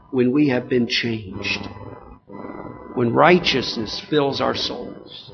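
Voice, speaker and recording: A man's voice: a little high, vocal fry. A man preaching a sermon in an earnest, emphatic, conversational way, with many fillers. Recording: dull lo-fi sound with faint noise.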